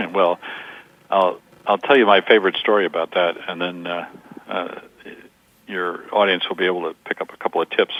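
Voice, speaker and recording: Older male coach, low and measured, close dry lo-fi recording. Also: steady tone. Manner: measured, explains through stories and examples. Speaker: communication coach as guest. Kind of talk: interview answers. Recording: dull lo-fi sound.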